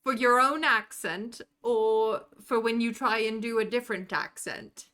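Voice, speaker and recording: Slow-talking woman with a put-on British accent. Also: a little high, sharp tone. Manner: chatty, answers chat messages aloud. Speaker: live streamer. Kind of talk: casual stream chat with viewers. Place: home room.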